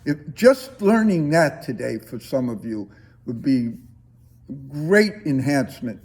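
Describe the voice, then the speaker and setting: A man teaching a breathing class, guiding students with slow, calm, coaxing instructions. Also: medium pitch, breathy edge.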